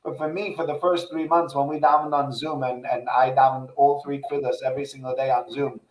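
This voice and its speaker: A man's voice: medium pitch, level tone, brisk. A man in casual conversation, telling a heartfelt personal story in an earnest way, with many restarts. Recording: echoey room.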